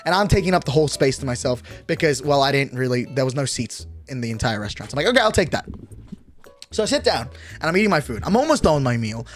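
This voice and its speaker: A man's voice: medium pitch, sing-song, fast talker, faint music behind. Rambling, swearing young man. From Australia. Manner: rambling, swears a lot, keeps checking in with "okay?". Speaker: streamer. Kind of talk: casual chat, storytelling.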